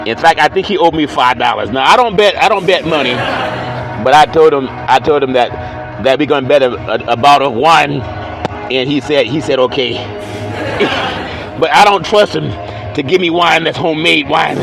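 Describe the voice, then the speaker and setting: A man hosting a sports talk show, chatting playfully and reading a live ad with bursts of loud excited exclamations. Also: a little high, moderate pace, gravelly, music in the background, poor audio. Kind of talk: casual talk show monologue with live ad read.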